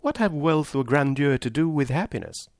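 An impulsive, romantic young woman, as a male reader puts her on, earnest and exclamatory in a lifted voice. Her lines rise and fall with lively energy, recorded dry and close for an audiobook. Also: a little high, moderate pace, no echo, pitched above the performer's own voice. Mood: ardent. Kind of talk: audiobook reading of a classic novel.

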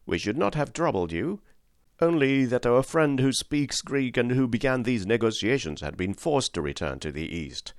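A man's voice: mid-range voice, sing-song, normal speed, no room sound, clean studio sound. A man voicing a sinister, giggling middle-aged male captor who speaks in a mocking, menacing way.

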